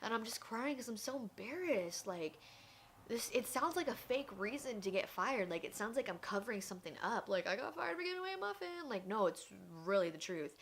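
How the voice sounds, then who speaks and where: Young adult woman, candid personal storyteller, animated, acts out the voices she quotes. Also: medium pitch, normal speed, a little hiss or hum. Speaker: vlogger.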